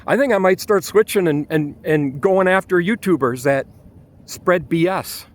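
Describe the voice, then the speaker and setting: A man's voice: sits high, measured pace. Fed-up ranting man outdoors. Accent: Michigan. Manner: angry, exasperated ranting with restarts. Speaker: vlogger. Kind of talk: ranting vlog.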